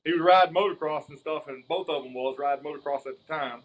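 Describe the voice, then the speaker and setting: A man's voice: on the high side, fast, low-quality recording. A man from near Baton Rouge with a Southern Louisiana drawl, telling his story at an easy pace with lots of "uh" fillers. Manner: easygoing storyteller, hesitant fillers. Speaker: guest, racing father.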